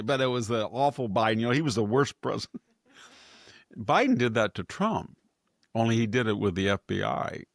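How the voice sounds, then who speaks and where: A man's voice: mid-range voice, lively intonation, normal speed, creaky, dry recording, clean studio sound. A man hosting an opinionated political commentary, digressing freely and chuckling as he editorializes. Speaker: host and commentator.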